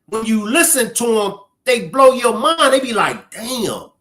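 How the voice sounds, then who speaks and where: A man's voice: very high voice, animated, normal speed, sharp tone. Emotional man commenting on a live stream. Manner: emotional, reacting to clips and chat.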